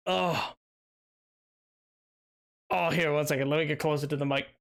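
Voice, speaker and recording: High-voiced chatty male streamer. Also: steady tone, normal speed, vocal fry. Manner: chatty and self-mocking, laughs often. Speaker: gaming streamer. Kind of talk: casual chat while streaming a game.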